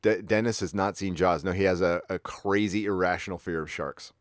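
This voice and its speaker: A middle-aged man from San Diego, chatting casually as a livestream host and telling rambling, profane stories that jump into sudden high-pitched bursts. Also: fairly even intonation, a little fast, dry recording, studio quality. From San Diego, California. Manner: laid-back, profane storytelling with sudden high-pitched outbursts.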